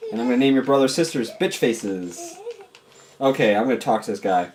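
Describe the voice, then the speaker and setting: A man giving casual, goofy commentary over a game, talking to and yelling at his virtual pets. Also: medium pitch, expressive, fairly quick. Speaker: gameplay commentator.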